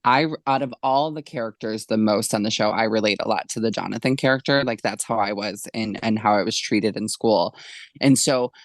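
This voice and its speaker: A man's voice: fairly low pitch, a little fast, dry recording. A man co-hosting a casual podcast chat, telling stories with emotion and animation.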